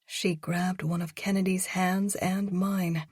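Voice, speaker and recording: A woman narrating a romance audiobook in a slow, measured reading voice. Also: lowish voice, steady tone, husky, dry recording, clean studio sound.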